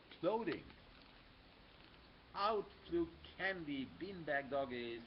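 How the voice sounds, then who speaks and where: A man reading a children's picture book aloud as an animated storyteller. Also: a little high, highs cut off, slight background noise. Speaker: reader.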